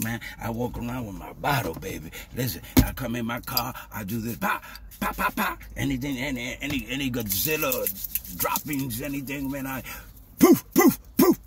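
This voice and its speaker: A man talking casually to the camera in a preachy, animated way, stumbling over repeated words and dropping in "man" and "baby". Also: on the low side, slight background noise. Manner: street-style grammar, says "man" and "baby". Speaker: vlogger. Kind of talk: casual spoken monologue.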